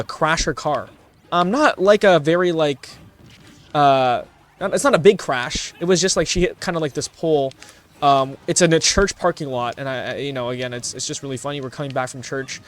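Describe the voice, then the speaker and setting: A man's voice: a little high, a bit bright. Rambling young man telling stories. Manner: rambling, stumbling restarts, self-mocking. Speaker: vlogger. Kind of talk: casual storytelling to camera.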